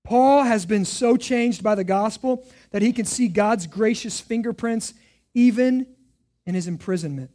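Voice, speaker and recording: High-voiced pastor preaching with swings. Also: male voice, a little slow. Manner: emphatic preaching, rhetorical questions, swings from hushed to loud. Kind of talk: sermon.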